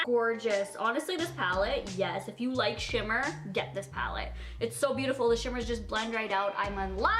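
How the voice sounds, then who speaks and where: A woman's voice: a little high, animated, normal speed. A young woman filming a casual makeup tutorial, bubbly and gushing, often giggling. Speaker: beauty vlogger.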